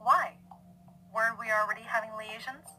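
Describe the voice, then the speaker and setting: A woman's voice: on the high side, big pitch swings, brisk, pushed and bright, a little hiss or hum. A woman voicing a sarcastic, playful mare pony officer with a teasing, sing-song manner, in a fan audio reading. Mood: flirty.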